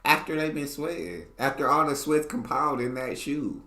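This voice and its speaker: A man's voice: mid-range voice, expressive, normal speed, few pauses, sharp tone, reverberant. An American man hosting a reaction video, chatting casually in a laid-back, slangy, joking way. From United States. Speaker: reaction channel host.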